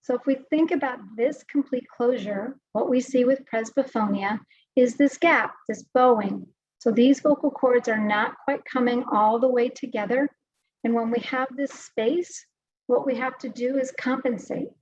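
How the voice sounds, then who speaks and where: A woman voice specialist giving a health webinar presentation, explaining clearly and patiently. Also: a little high, a little mellow. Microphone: video call microphone. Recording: dry, slightly dull audio.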